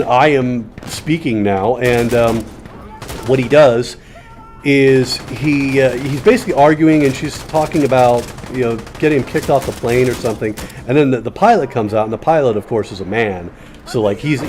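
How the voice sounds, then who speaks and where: A man's voice: mid-range voice, a little mellow. A man giving casual, rambling commentary while playing a shooting game, telling a story with a sardonic edge and lots of fillers and restarts. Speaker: gaming video host. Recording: faint gunfire and game noise behind. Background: game gunfire.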